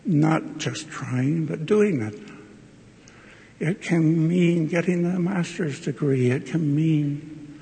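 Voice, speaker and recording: An older man, a university professor, giving a devotional address and telling a personal story in a slow, earnest way with heartfelt exclamations. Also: fairly high pitch, creaky, warm tone. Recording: long reverb of a large hall.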